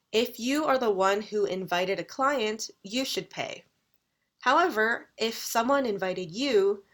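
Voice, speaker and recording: A young woman with a Canadian accent giving a recorded English lecture, modeling polite phrases with clear, exaggerated intonation. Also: mid-range voice, a bit bright. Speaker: English teacher.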